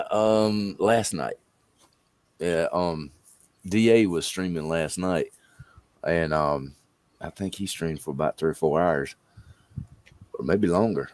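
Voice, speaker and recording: A man's voice: deep voice, slow, long pauses, dry recording. A man hosting a live stream, chatting casually and laughing often. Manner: laid-back, laughs often. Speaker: stream host. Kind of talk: casual chat.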